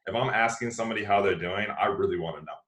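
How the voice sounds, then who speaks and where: A man with a lowish voice hosts a casual podcast chat. He talks with bursts of excitement, restarts his sentences and laughs often. The room gives his voice a noticeable echo. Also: racing. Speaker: podcast host. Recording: echoey room.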